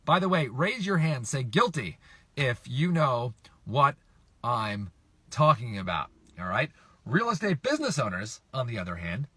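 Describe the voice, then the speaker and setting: Middle-aged male coach, punchy and repetitive, tense bright tone. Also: mid-range voice, big pitch swings, measured pace, husky, no echo. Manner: emphatic, repetitive, asks viewers for responses. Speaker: real estate investing coach. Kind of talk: direct-to-camera coaching talk.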